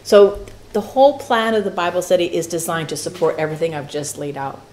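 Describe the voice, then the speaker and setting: Lively woman teaching a Bible study. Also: fairly low pitch, fairly quick, slight background noise. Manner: lively, laughs often, playful asides.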